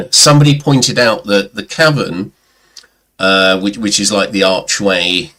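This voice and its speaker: A middle-aged man appears as a guest on a livestream, chatting casually about records and picked up by a webcam or computer mic. His voice is lowish and fairly bright, and he speaks slowly. He tells rambling anecdotes and now and then mimics other people's voices.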